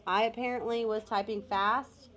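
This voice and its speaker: A woman's voice: a little high, fairly even intonation, normal speed, a bit bright. An American woman co-hosting a live giveaway stream, bubbly and laughing often, calling out the winners. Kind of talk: casual live-stream chat.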